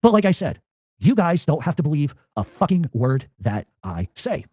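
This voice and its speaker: Man, hostile fast rant, husky voice, lively pitch, dry close sound. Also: no room sound. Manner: aggressive, profane, taunting. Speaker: angry ranter. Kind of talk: insult-filled challenge rant.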